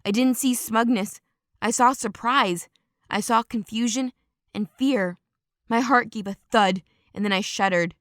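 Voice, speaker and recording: Woman reading an audiobook, dramatic first person, smooth resonant voice, totally dry sound. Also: a little high, measured pace, no echo. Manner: steady dramatic storytelling. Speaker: audiobook narrator.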